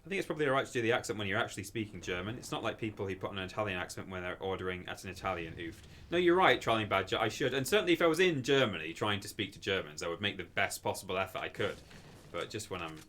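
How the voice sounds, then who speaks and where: A man's voice: lowish voice, expressive, very fast, few pauses, a bit bright, slight background noise. A man in casual livestream chat, rambling and self-deprecating as he plays and reads chat aloud. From England. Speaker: streamer playing a game.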